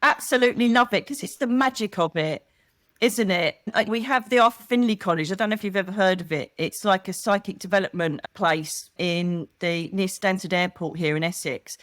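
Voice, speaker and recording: A woman's voice: on the low side, moderate pace, no echo, clean studio sound. A middle-aged English woman and psychic medium, chatting casually as an interview guest and telling stories with acted-out voices. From England. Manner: animated storytelling, acts out quoted voices.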